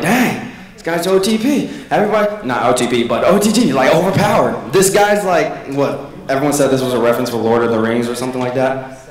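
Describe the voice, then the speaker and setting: A man doing a casual stand-up comedy set at a convention, rambling and acting out quotes. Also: medium pitch. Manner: rambling, restarts, acts out quotes. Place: convention hall. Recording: echoey hall, mic at a distance.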